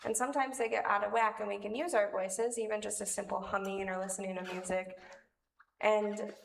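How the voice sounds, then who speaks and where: A woman's voice: medium pitch, fairly even intonation, a little fast, creaky. A woman leading a children's time in a worship service, speaking in a chatty, playful way with small laughs. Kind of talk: friendly talk to children in a service. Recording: echoey room from far off, faint noise.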